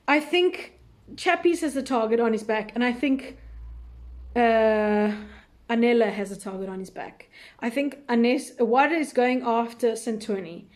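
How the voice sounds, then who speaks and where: Chatty woman hosting live. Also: fairly high pitch. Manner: thinking aloud, many fillers, unsure and chatty. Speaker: recap show host answering viewer questions. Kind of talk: casual live chat.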